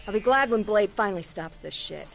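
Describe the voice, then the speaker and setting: A weary potion merchant from a video game. Her voice sits at a mid pitch and sounds tired and exasperated, the talk of a shopkeeper worn down by demands. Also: expressive, brisk, gravelly, soft background music. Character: weary adult female potion merchant, put-upon.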